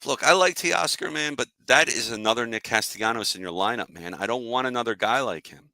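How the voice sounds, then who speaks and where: A man's voice: mid-range voice, brisk, sharp tone, dry recording. Fired-up man ranting about sports. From Philadelphia area. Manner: annoyed, fired-up, talks to chat viewers. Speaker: sports podcast host. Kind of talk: casual sports rant.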